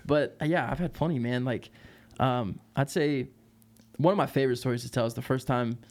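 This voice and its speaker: A man telling a tour story as a podcast guest, lively and laughing, with lots of fillers. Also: mid-range voice, a little fast. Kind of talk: casual storytelling.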